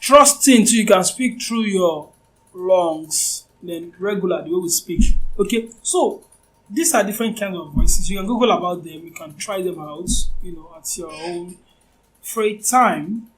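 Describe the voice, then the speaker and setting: A voice acting teacher gives an informal, conversational lecture, often checking that the listener understands. The voice is medium-pitched, expressive and a little slow, and the audio is poor.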